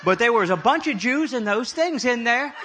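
A man's voice: very high-pitched, animated, moderate pace, background noise. A middle-aged man preaching a humorous sermon, telling stories with jokey, self-deprecating asides. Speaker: prophetic speaker.

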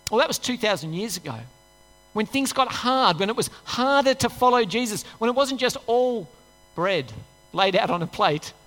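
Male pastor, high bright voice, conversational sermon in a reverberant hall. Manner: conversational, acts out inner voices, rhetorical questions.

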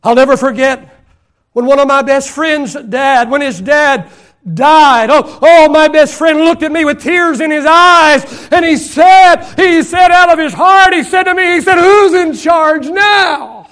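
A middle-aged man preaching a sermon as pastor, swinging between loud shouted emphasis and soft hushed asides, and drawing out key phrases slowly. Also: very high voice. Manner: drawn-out, slowed phrases for emphasis.

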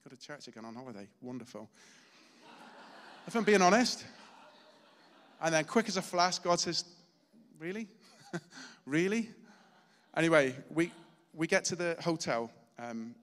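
A man's voice: fairly high pitch, a bit bright, long reverb tail. A middle-aged man giving a sermon, telling a personal story in an earnest, chatty way. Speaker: preacher.

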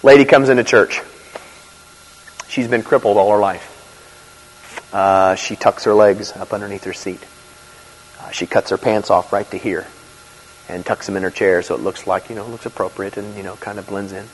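Man, preacher, animated conversational sermon, church hall with long echo. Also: lowish voice, normal speed, pauses often, breathy edge. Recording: reverberant hall.

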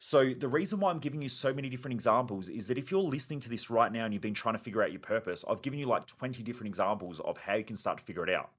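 A man's voice: medium pitch, lively intonation, rapid-fire, hardly any pauses, a bit bright. A man hosting a self-help podcast, delivering a blunt, driven, emphatic monologue with casual swearing. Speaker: podcast host.

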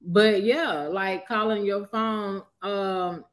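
A woman's voice: mid-range voice, steady tone, takes it slowly. A middle-aged woman co-hosting a casual podcast chat, laid back, with lots of fillers and agreeing murmurs. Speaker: co-host.

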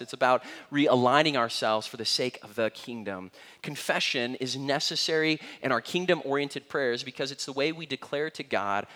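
A young man gives a sermon in a casual, animated way, and his fairly high voice rings out through a church with a long reverb trailing each phrase. He slips into little acted-out voices to make his points. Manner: conversational and animated, acts out everyday moments. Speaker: pastor.

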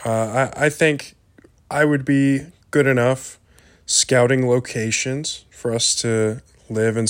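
A man speaking very slowly at a middle pitch, recorded dry and close. He gives a thoughtful, measured answer as a guest on the podcast. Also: dry recording. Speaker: guest, a host's boyfriend.

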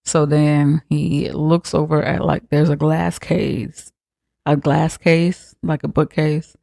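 Gravelly man recapping a movie, cursing. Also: on the high side, level tone, slow pace, dark tone, dry recording, clean studio sound. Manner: profane, laughing storytelling, slangy. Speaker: podcast host.

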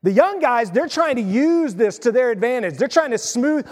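A man preaching with a high, lively voice that rings out in a long reverberant hall. He reads scripture and slips into quick, playful voices for the figures in the story, then drops low and quiet for the serious points. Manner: animated, acts out voices of biblical figures. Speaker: pastor. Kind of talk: sermon.

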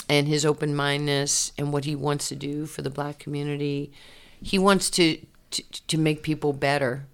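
Low-voiced woman. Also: moderate pace, clean tone. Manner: animated, laughs often, repeats herself. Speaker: interview guest, former basketball player. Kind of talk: candid personal storytelling.

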